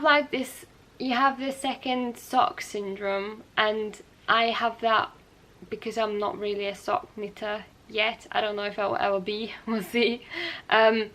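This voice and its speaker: A woman's voice: mid-range voice, pushed and bright. A young woman hosting her knitting podcast, talking casually and rambling a little with light laughs and self-corrections as she shows her work. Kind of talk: casual show-and-tell chat.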